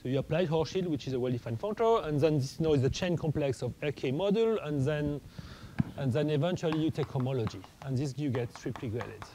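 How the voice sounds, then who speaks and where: Guy lecturing math, stops and restarts a lot, soft mellow tone, faint hiss behind. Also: on the high side, animated, rough recording. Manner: halting, many restarts and fillers, thinking aloud.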